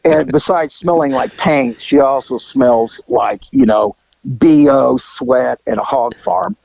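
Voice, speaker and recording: A man's voice: medium pitch, slow pace, gravelly, warm tone, dry recording. An older man, a former detective, telling rambling, profane anecdotes in casual chat. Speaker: retired detective telling stories. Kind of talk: casual storytelling.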